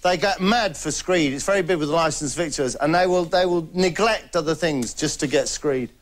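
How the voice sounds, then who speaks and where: A man delivering a rambling comic monologue, deadpan and boastful. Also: fairly high pitch, moderate pace. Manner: chatty, deadpan boasting, laughing at own jokes. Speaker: comedy host. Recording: noisy background.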